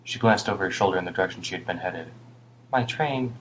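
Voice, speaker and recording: A man reading an audiobook in a steady, even scripted narration. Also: low voice, racing, background noise.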